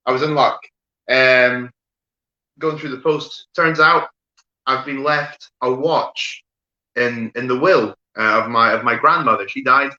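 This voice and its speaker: Bright-voiced man telling one-liners. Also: medium pitch, a little slow. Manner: deadpan delivery with frequent "right?" asides and fillers. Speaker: stand-up comedian. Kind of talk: online stand-up set of one-liners. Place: home room, streamed online show. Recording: roomy echo, dull lo-fi sound.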